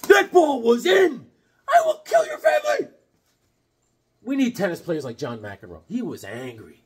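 A man's voice: on the high side, darkish tone. A middle-aged man chatting casually about his comic book finds, rambling and joking with silly voices in his stories. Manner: rambling, jokey, puts on silly voices in anecdotes. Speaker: comic book collector vlogger. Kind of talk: casual show-and-tell chat.

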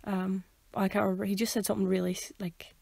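A woman's voice: medium pitch, flat delivery, fast talker, vocal fry, dark tone, husky, dry recording. A young woman, co-hosting a casual podcast and telling stories with acted-out quotes. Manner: chatty storyteller, acts out quoted voices. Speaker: podcast co-host. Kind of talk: casual chat.

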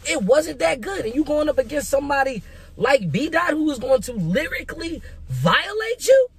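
A young man giving casual, hyped commentary as a vlogger, animated and emphatic, with rhetorical questions and repeated words. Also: extremely high pitch, normal speed. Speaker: vlogger making predictions.

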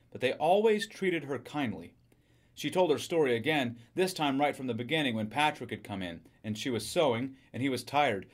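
A man reads a short story aloud, carrying the narration with a steady, even delivery. His voice sits at a middle pitch. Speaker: reader.

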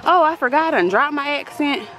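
A woman's voice: sits high, lively intonation, normal speed. A woman in her thirties filming a casual family vlog outdoors on a farm with a handheld phone, talking in a playful, upbeat, joking way. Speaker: vlogger. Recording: loud background music over vlog. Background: loud music.

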